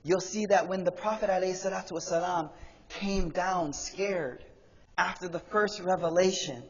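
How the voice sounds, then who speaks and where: A man preaching with a fairly high voice, swinging from booming emphasis to hushed reflection as he acts out quoted speech. His words ring with a long reverb through a large hall, and the recording sounds muffled and dull. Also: fairly even intonation, normal speed. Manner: passionate, acts out quoted voices, addresses brothers and sisters. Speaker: imam giving Friday sermon. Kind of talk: sermon.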